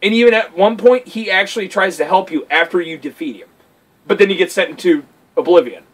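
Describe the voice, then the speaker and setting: A young man with a high voice co-hosts a relaxed talk about an old game. He is excitable and swears freely, and he often slips into mock voices to act out scenes. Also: fairly quick, poor audio. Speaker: podcast co-host. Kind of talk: casual chat.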